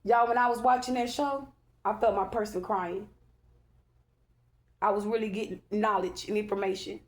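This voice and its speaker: A woman's voice: mid-range voice, steady tone, normal speed. Chatty woman giving a tarot reading. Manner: chatty, repeats "okay?" often, emphatic and preachy. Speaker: tarot reader. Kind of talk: casual spiritual tarot reading.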